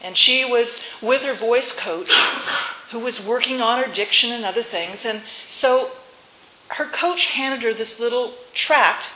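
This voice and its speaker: A woman pastor delivers a sermon at a slow, deliberate pace, her voice bright and a little high. She weaves in a story, poses reflective questions and has the congregation repeat words back to her. The church room gives her voice a roomy echo. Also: slight background noise. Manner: leads congregation in call-and-response repetition. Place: church sanctuary.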